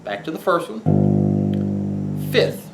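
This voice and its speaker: Patient male bass teacher, roomy sound. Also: takes it slowly. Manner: patient, counts out scale tones while playing. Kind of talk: instructional lesson. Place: room with bass guitar playing. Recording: roomy echo with bass guitar playing.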